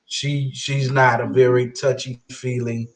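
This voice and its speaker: A man's voice: medium pitch, level tone, a little slow. A man hosting a talk show, speaking candidly and casually about his marriage. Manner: candid, conversational, folksy. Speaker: host. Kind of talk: casual chat.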